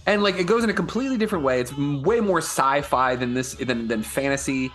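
A man's voice: fairly high pitch, brisk, a bit bright. A man co-hosting a podcast in casual chat, swearing often and laughing a lot. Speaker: podcast co-host.

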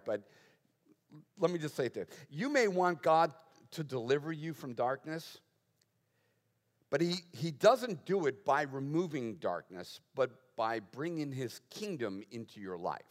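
Lively pastor preaching in a hall. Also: male voice, mid-range voice, measured pace. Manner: conversational preaching with rhetorical questions and humor. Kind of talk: sermon.

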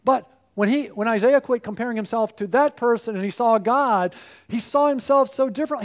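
A man preaching a sermon, emphatic, moving between loud exclamations and hushed asides. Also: extremely high pitch, lively intonation, moderate pace.

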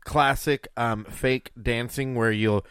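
A man co-hosting a podcast in casual chat, joking and riffing with quick asides. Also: medium pitch, steady tone, fairly bright tone, clean tone, no room sound, clean studio sound. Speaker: podcast co-host.

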